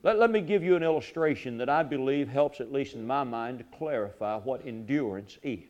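A middle-aged man preaching a sermon, swinging from loud, fervent lines to hushed ones and repeating his phrases. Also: medium pitch, expressive, a little fast, highs cut off. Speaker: pastor.

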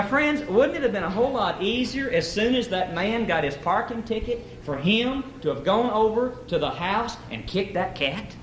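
A man's voice: high voice, echoey room, a little hiss or hum, rough recording. A man preaching a folksy, emphatic sermon at an evening church service, telling a story and acting out its characters.

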